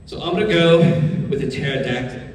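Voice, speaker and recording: A man answering fan questions on a convention panel in a jokey, animated way, laughing often. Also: mid-range voice, brisk. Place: large convention hall. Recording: echoey hall, distant mic, crowd and noise. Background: audience crowd.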